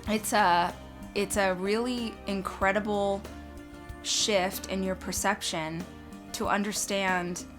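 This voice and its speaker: A woman sharing a personal faith testimony in an earnest, emotional way, often halting and restarting her sentences. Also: mid-range voice, fairly even intonation, over music.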